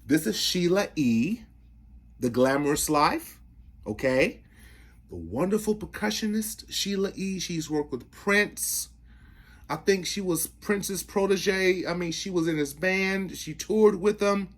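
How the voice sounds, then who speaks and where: A man hosting a casual vinyl show-and-tell, chatty and excitable, talking straight to his viewers and prone to bursting into falsetto. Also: takes it slowly. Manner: excitable, breaks into falsetto singing; chatty, addresses viewers directly. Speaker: record collector host.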